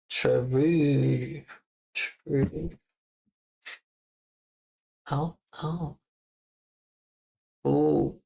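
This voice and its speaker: A woman's voice: very deep voice, gravelly, a little mellow. A young woman streamer chatting casually, joking and giggling as she repeats words from a game. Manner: playful, giggly, jokes while repeating words. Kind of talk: casual live-stream chat.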